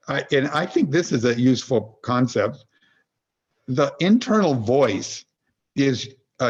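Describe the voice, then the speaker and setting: Slightly rough and medium in pitch, this man's voice comes through with dull audio. An executive coach guesting on a podcast, he tells reflective stories in an earnest, wandering way, grounding his ideas in everyday examples.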